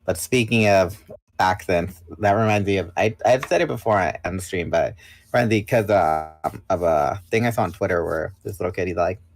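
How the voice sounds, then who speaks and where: Twenty-something guy chatting on a stream, really low voice, dry sound, kinda blunt. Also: brisk, gravelly, no room sound, low-quality recording. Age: 20s. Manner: blunt, self-assured talker. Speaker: podcast guest. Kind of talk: casual livestream chat.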